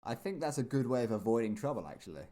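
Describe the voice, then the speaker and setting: Very low-voiced woman, dry wit. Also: big pitch swings, quick pace, warm tone. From England. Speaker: podcast guest. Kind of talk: casual chat.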